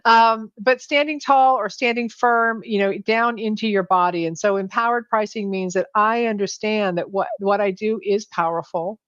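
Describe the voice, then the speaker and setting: Woman guest, animated coach who restarts her sentences a lot, heard dry and lo-fi over a call. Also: mid-range voice, moderate pace, hardly any pauses, clean tone, no echo. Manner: animated, many restarts and self-corrections. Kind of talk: conversational interview. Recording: dull lo-fi sound, dry.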